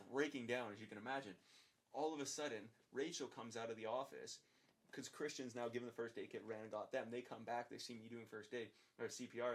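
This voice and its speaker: Young adult male guest, casual storytelling, animated and profane, acts out dialogue. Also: medium pitch. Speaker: podcast guest.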